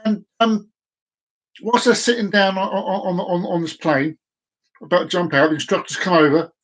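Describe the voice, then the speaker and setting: A man hosts a casual live stream with a high voice. He rambles, tumbles over repeated words and keeps losing his place. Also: fairly even intonation, normal speed, a bit bright.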